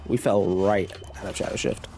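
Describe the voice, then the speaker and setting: Gaming host, male, low and gravelly, sore throat, laid-back running commentary. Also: steady tone, normal speed. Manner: low-key, musing aloud while playing. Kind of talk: casual gameplay commentary. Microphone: cough drop in mouth.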